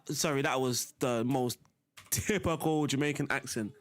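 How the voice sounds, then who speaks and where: A young man with a medium-pitched voice streams a football management game live, talking at a normal speed. He keeps up a chatty conversation with his viewers while he plays.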